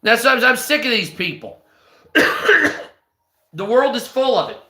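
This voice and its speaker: A man's voice: extremely high pitch, expressive, measured pace, bright, forceful tone, roomy sound. A stoned man reading news aloud on a live stream, breaking off into profane, hostile, sarcastic rants.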